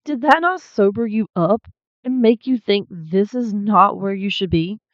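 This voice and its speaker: A woman's voice: mid-range voice, measured pace, no echo. A woman hosting a channel, reading paranormal stories aloud and breaking in with blunt, swearing asides. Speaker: host. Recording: slightly dull lo-fi recording.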